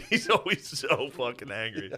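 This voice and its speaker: A man's voice: mid-range voice, sing-song, unhurried, sharp tone. Laughing storyteller man, casual chat. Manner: storytelling, laughs through his stories. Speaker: podcast co-host, comedian.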